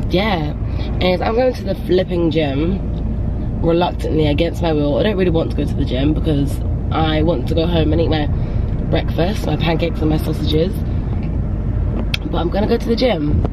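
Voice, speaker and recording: A woman's voice: on the low side, heavy background noise. A young woman chatting casually in a vlog, rambling and asking "do you know what I mean". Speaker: vlogger. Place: out and about, car, gym, home.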